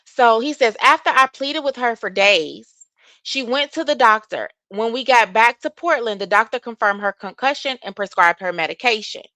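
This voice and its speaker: A woman talking casually on a livestream with a bright, forceful edge to her voice. She reads messages aloud and comments on them straight to her viewers. The sound is dry and close, with little room around it. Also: on the high side, animated, normal speed, no room sound. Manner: reads text messages aloud and reacts with opinion; addresses viewers directly as y'all.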